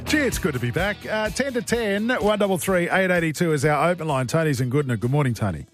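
A man's voice: a little high, animated, quick pace, music in the background. A man with an Australian accent hosting morning talkback radio, chatty and jovial, laughing easily. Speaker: radio host. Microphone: studio mic.

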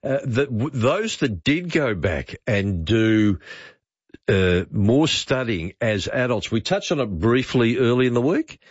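Aussie radio host guy, lowish voice, dry dull broadcast sound, blunt chatty. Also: husky, no echo. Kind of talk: talkback radio chat.

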